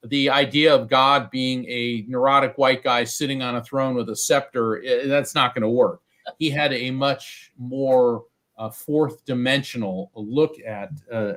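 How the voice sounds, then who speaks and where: Animated storytelling man, podcast guest. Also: mid-range voice. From United States. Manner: animated storyteller, acts out quoted voices. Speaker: psychic medium guest. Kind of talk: storytelling interview.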